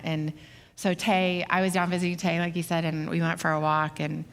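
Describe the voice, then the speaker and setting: A middle-aged woman co-preaching with her husband, telling a personal story in a candid, halting way with many fillers. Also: lowish voice, level tone, clean tone. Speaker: pastor's wife, co-speaker. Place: church auditorium. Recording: reverberant hall.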